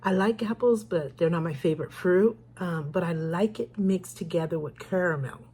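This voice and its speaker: A woman's voice: fairly low pitch, normal speed, warm tone, slightly rough. An older woman chatting casually in a shopping haul vlog, rambling and correcting herself as she shows what she bought. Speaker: haul vlogger.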